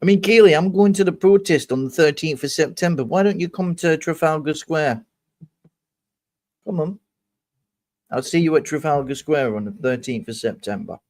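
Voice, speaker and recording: On his livestream, a young man with a slightly high, somewhat mellow voice talks at normal speed while furiously cursing out a commenter. The rant is angry, profane and confrontational.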